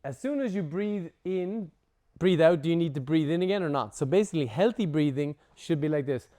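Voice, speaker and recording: A man leads a breathwork class in a casual, animated way, cursing lightly and acting out little examples. His voice sits a touch high for a man. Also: a little fast. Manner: lively, casual, swears and acts out examples. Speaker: breathwork instructor. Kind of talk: teaching a workshop.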